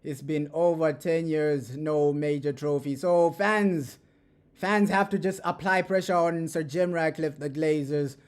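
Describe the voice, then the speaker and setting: A man hosting a fan live stream, reacting to an interview in a loud, animated way and repeating his points often. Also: on the high side, measured pace. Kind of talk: casual live-stream commentary.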